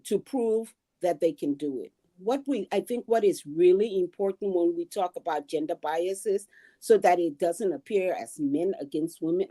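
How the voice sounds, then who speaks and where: A woman from Liberia speaking on a livestream panel, explaining her view in a measured way. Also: fairly low pitch, a little mellow.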